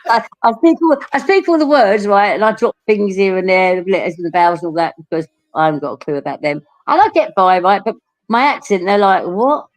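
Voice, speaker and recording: A woman's voice: mid-range voice, animated, fast talker. Essex woman, talkative panel guest, loose and laughing. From England. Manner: chatty, laughs often, swears casually. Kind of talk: casual livestream chat.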